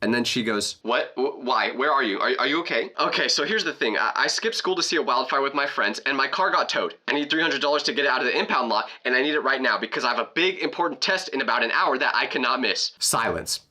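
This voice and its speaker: A young man tells a comedic story with a bright, forceful voice that leaps all over the place. He is expressive and jokey, and his pitch swings freely. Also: fast, few pauses.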